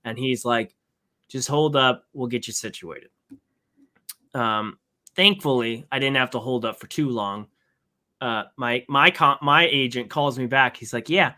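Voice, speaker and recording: Bright-voiced man telling a story. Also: medium pitch, unhurried. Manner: animated anecdote with quoted exchanges. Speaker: podcast co-host. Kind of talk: casual storytelling chat.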